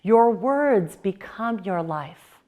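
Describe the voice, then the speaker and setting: A woman's voice: medium pitch, expressive, drawn-out words, narrow, tinny audio. A woman hosting a self-help video, giving an upbeat motivational talk to camera built on personal anecdotes.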